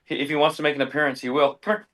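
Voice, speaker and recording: A man's voice: fairly high pitch, little pitch movement, very fast, fairly bright tone. A man chatting casually as a guest on a video call from his apartment, joking and self-deprecating. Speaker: comedian guest. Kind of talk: casual interview chat.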